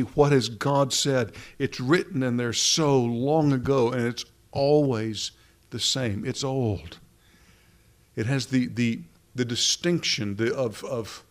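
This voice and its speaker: A middle-aged male preacher delivers a sermon with a conversational, questioning manner. His voice sits at an ordinary mid pitch for a man, neither deep nor high. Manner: conversational, asks the congregation questions.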